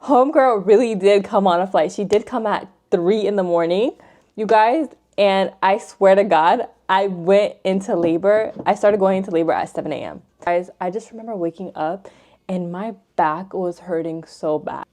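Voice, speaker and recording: A young woman in a casual get-ready-with-me vlog, telling a personal story with lots of fillers and direct asides to her viewers. Her voice sits at an ordinary pitch. She gets emotional and animated while she talks. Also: normal speed. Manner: chatty, filler-heavy, says "like" and "you guys" constantly. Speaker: vlogger.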